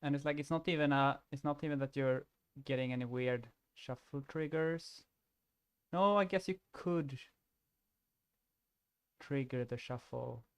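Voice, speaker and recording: A man commenting casually on a card game, thinking out loud and often restarting his sentences. His voice sits at a middle pitch. The sound is dry and close, with no room around it. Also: unhurried, pauses often, smooth, no echo. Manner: rambling, restarts often, laughs easily.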